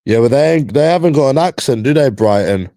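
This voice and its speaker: This young East Londoner has a medium-pitched, expressive, mellow voice and talks at a brisk clip. His casual chat with viewers is loose and slangy, circling back to repeat things, and the recording has no room sound.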